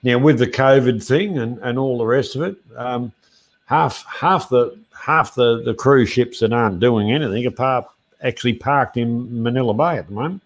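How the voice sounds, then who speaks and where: A man's voice: mid-range voice, normal speed. An Australian man chatting as a guest on a live stream, rambling and circling back with many fillers. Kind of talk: casual live chat.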